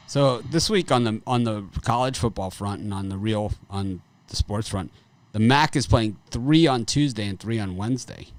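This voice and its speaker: A man's voice: lowish voice, a little hiss or hum. A man hosting a live sports betting show, talking bluntly and casually with frequent restarts and some swearing. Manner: blunt, profane, rambling with restarts.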